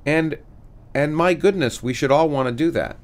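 A middle-aged man, a physicist guest, talking animatedly in an interview with many restarts. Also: fairly high pitch. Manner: animated, many restarts, reads a passage slowly. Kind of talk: conversational interview.

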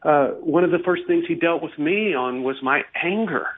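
A man's voice: a little high, normal speed. A man giving an earnest, preacherly personal testimony as an interview guest. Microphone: telephone. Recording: tinny phone line.

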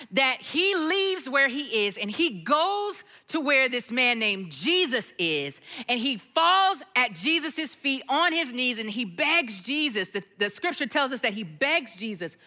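Woman preacher telling a story in a sermon, high voice that jumps all over the place, animated. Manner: storytelling, animated, acts out quotes.

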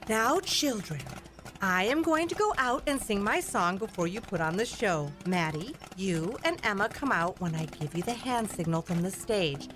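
A woman's voice: mid-range voice, lively intonation, moderate pace, background noise, close to an everyday voice. A woman playing a prim, theatrical school music teacher in an audio drama, bossy and sing-song.

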